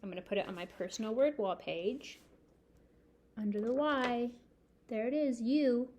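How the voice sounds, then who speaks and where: Slow and clear, a teacher with a medium-pitched woman's voice spells words out letter by letter for young children and calls on them to repeat after her. Some slight background noise is audible in the recording.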